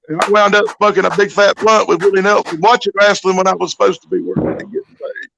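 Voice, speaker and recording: A man's voice: high-pitched, quick pace, creaky, slight background noise, rough recording. A man telling stories in casual, profane chat, acting out the people in them. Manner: profane, animated storyteller who acts out the people in his stories. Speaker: guest storyteller.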